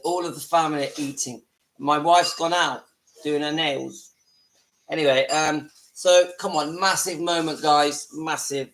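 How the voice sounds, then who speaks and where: A man's voice: on the high side, poor audio. A man hosts a live stream from home, talking loosely to his viewers. He rambles and breaks off now and then. A faint hiss of noise sits under his voice. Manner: chatty, talks to viewers, breaks off to hush children. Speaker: livestream host. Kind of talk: casual live-stream chat. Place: home with family around.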